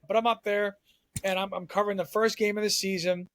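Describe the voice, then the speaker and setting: A man from Southern Maine, a former TV sports reporter, telling stories as a podcast guest in an animated, chatty way. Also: sits high, no room sound. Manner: animated storyteller, quick and chatty. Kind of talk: casual podcast storytelling.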